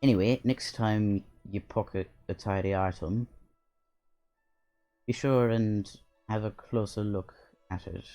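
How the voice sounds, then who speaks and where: A man's voice: lowish voice, fairly even intonation, unhurried, dark tone, soft background music. A man voicing a chatty, bossy little male fairy sidekick while reading a game aloud. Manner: lilting, bossy, slangy and matter-of-fact.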